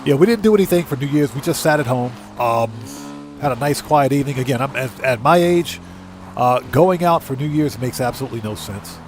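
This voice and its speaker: A man's voice: mid-range voice, animated, fairly quick, faint music behind. A man hosting a live gaming stream, chatting casually with viewers and laughing easily. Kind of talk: casual live-stream chat while playing.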